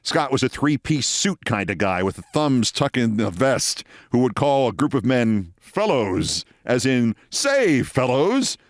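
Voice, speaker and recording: A man's voice: mid-range voice, unhurried, few pauses, dry recording, clean studio sound. A man hosting a show, telling a long personal anecdote and acting out the voices of the people in it. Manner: animated anecdote with acted quotes. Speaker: host. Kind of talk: storytelling monologue.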